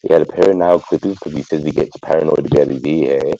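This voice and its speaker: A man's voice: rumbling low, steady tone, fast talker, dark tone, no room sound, lo-fi sound. A man with an Australian accent telling crude, swearing stories in casual chat. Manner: crude, swearing, laughing storyteller.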